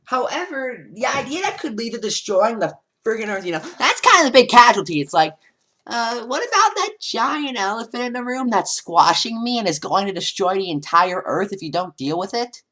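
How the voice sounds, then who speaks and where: A woman's voice: a little high, sing-song, moderate pace, a bit bright. A woman giving casual, sarcastic commentary with rambling asides.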